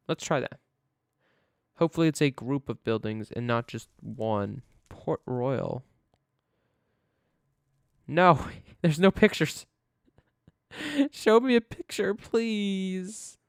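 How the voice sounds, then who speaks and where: A man's voice: medium pitch, vocal fry, smooth, no room sound, clean studio sound. A man live-streaming a building game, chatting casually and thinking aloud to himself as he works.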